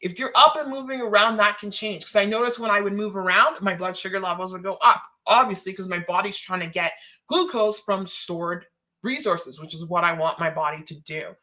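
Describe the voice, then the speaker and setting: A woman's voice: medium pitch, a little fast, sharp tone. A woman hosting a live stream, chatting casually and rambling, laughing often and answering viewer comments.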